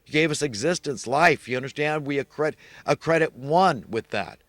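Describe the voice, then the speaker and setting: A man's voice: on the high side, normal speed, a bit bright, no echo. A middle-aged American man giving an earnest, rambling moral monologue, repeating himself and restarting his phrases. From United States. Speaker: vlogger.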